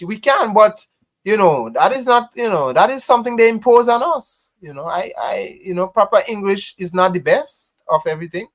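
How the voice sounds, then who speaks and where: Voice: mid-range voice, animated, normal speed. Impassioned Grenadian live-streamer. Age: adult parent. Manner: impassioned, repetitive, heavy use of "you know". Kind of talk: casual live-stream talk to viewers.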